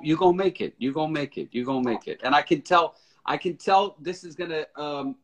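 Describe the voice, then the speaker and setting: A man hosting a casual live video chat, upbeat and reassuring, often repeating himself. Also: medium pitch. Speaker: live stream host. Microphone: phone or webcam on a live video call.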